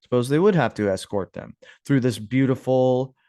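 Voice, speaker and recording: A man's voice: medium pitch, moderate pace, mellow, dry recording, studio quality. A man casually commenting on old images and clippings, musing aloud, with sarcastic asides and frequent chuckles. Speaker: history video host.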